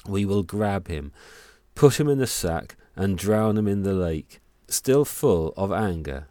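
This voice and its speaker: A man tells a folk tale at a measured pace. His voice sits low with a dark, mellow timbre. The recording is dry and close. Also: no echo. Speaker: storyteller. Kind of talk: storytelling narration.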